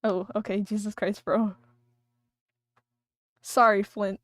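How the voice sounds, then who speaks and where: A woman's voice: medium pitch, animated, a little slow, long pauses, no room sound, studio quality. A woman streamer chatting casually and rambling while she draws on a livestream. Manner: chatty, rambling, thinking aloud.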